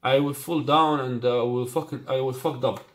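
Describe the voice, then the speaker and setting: A man's voice: mid-range voice, fairly even intonation, normal speed, a bit bright. A man whose first language is Arabic, casually demonstrating and reviewing a scooter in non-native English and often asking "you got me?". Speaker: product reviewer. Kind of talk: casual unboxing demo. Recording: echoey room, faint noise.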